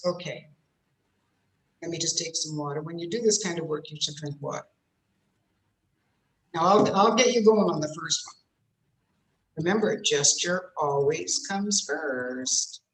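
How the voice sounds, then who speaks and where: A woman running an interactive online communication workshop, speaking in an expressive, emphatic way as she demonstrates. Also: medium pitch, echoey room, poor audio. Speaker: communication trainer.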